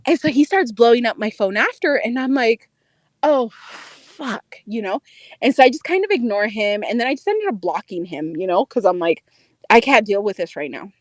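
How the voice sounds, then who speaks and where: A young woman chats on a podcast with a high voice that leaps and dips with every twist of the story. She swears freely and laughs through her lines. The sound is close and dry, with no room around it. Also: a little fast, dry recording. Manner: animated, profane, laughing storyteller. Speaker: podcast co-host, dating correspondent. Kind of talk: casual storytelling chat.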